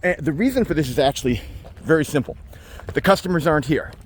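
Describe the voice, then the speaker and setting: A man working as a dog trainer, explaining his methods while out in a forest and often slipping into high baby talk with the dog. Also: expressive, fast, a little hiss or hum. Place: outdoors in a state forest.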